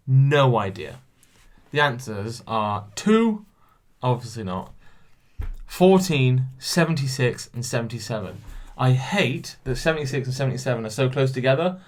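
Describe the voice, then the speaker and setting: A man's voice: mid-range voice, animated, unhurried, long pauses. A young man hosting a casual solo podcast, reading quiz questions aloud, stumbling over names and mocking himself. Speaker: podcast host.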